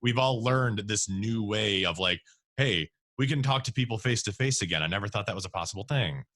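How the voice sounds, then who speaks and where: A man's voice: lowish voice, a little fast, fairly bright tone. Easygoing male radio host. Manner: easygoing, chatty, laughs along. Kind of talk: casual interview chat.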